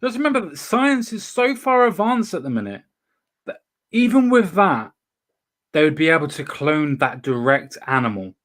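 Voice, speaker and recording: A man's voice: a little high, very animated, normal speed, fairly bright tone. A man hosting a casual chat show, swearing freely and often restarting his sentences. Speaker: show host.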